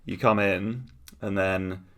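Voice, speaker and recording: A young British man with a very low, gravelly voice, co-hosting a comedy podcast. He talks in a wry, animated way, slipping into mock quotes as he riffs with his co-host. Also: slow pace. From Britain. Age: young adult. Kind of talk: casual comedic chat.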